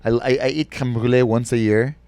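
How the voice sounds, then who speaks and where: A man's voice: medium pitch, fairly quick, no echo. A man co-hosting a comedy podcast, telling stories in casual chat and acting out quoted lines in exaggerated voices. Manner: animated storyteller, acts out quotes in exaggerated voices.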